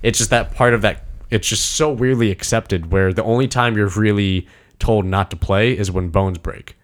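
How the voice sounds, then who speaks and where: Young man, low-pitched, excitable storyteller, casual swearing. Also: normal speed. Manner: excited, swearing, acts out movie quotes. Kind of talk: casual chat.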